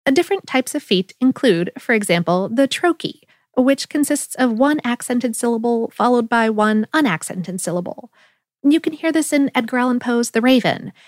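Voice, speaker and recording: A woman hosting a podcast, reading a scripted explainer in a clear, measured way with occasional fillers. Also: a little high, lively intonation, darkish tone, dry recording, studio quality. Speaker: podcast host.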